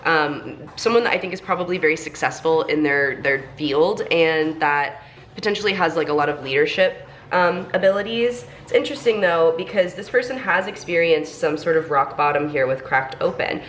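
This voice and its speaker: A woman's voice: sits low, normal speed, fairly bright tone, slight background noise. A young woman with a congested voice, reading tarot cards in a chatty, encouraging way full of fillers. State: congested from a cold. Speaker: tarot reader.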